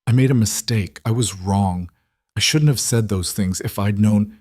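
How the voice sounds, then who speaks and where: A man voicing a stunned, commanding mafia boss husband whose voice comes out rough. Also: lowish voice, moderate pace, darkish tone, dry recording, studio quality, close to an everyday voice. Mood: shaken. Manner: rough, strained.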